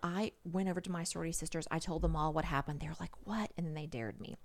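A woman's voice: deep voice, quick pace. A middle-aged woman, a podcast guest, telling a story casually and acting out the voices of the people in it. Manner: animated, acts out quoted voices.

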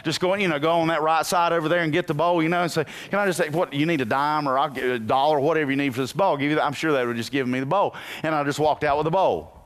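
A man preaching a sermon as pastor, moving from quiet asides to loud bursts and telling folksy, humorous stories. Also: on the high side, quick pace, hardly any pauses.

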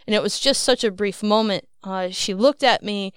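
A woman's voice: medium pitch, normal speed, clear, resonant tone, dry recording, studio quality. A woman, a guest on a Christian program, telling at length about a dream she had, in a rambling, earnest way with self-conscious laughs. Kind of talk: casual storytelling.

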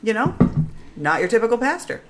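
A woman's voice: on the high side, very animated, brisk, a bit bright, a little hiss or hum. A woman co-hosting a podcast in casual chat, playful and teasing, laughing often. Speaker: podcast co-host.

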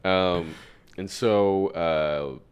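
A man's voice: low voice, drawn-out words, highs cut off, a crowd in the background. A young man telling a rambling, self-deprecating story in casual chat, laughing often and swearing freely.

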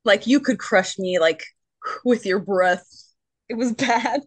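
A woman's voice: medium pitch, takes it slowly, dry recording. A young adult woman, a guest on a podcast, candidly telling a personal story in a chatty way, with lots of "like". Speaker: guest, musician and advocate.

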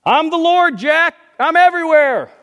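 A preacher doing a calm voice of God. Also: male voice, very high voice, normal speed, in a large hall, voice pushed up. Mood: calm assurance. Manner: steady and reassuring. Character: calm, patient male voice of God.

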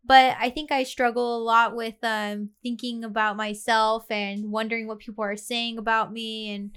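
A woman's voice: on the high side, level tone, normal speed, a bit bright, clean tone. A woman co-hosting a casual podcast, talking candidly and laughing easily, with the hiccups. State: has the hiccups. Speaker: podcast co-host.

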